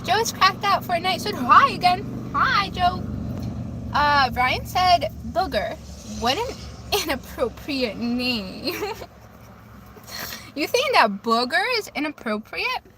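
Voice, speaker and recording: A woman's voice: very high voice, animated, slow, long pauses, noisy background. A woman livestreaming from a phone in her car, casually reading viewer comments aloud and chatting back. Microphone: phone camera.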